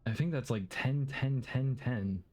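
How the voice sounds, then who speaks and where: A man's voice: medium pitch, a little mellow. A man streaming a game, talking casually with many halts, restarts and fillers. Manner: halting, stammering, lots of fillers.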